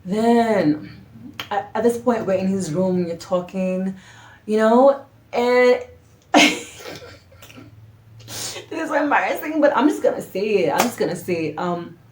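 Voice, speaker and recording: Animated woman telling a story. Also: mid-range voice, slow, pauses often, slight background noise. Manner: animated, dramatic, slangy, drops to hushed asides. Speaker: storytime vlogger. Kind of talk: casual storytelling to camera. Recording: roomy echo.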